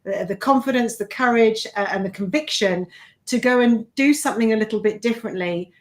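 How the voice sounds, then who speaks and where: A woman's voice: a little high, brisk. A woman, an executive coach hosting a live online show, chatting casually with fillers and self-deprecating asides. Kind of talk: casual live-stream chat.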